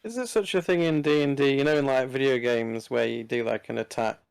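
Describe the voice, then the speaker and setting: Gravelly man chatting at a game table. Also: mid-range voice, fairly quick, darkish tone, dry recording. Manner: curious, asks rules questions. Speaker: player. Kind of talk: casual chat at a game table.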